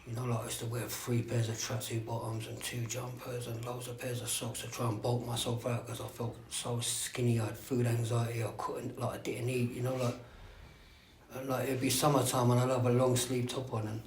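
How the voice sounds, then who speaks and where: A man's voice: mid-range voice, completely flat delivery, brisk. A man gives a candid, rambling personal share at a recovery meeting, swearing freely and often asking whether listeners know what he means. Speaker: speaker sharing at a recovery meeting. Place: meeting room. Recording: echoey room with faint background noise.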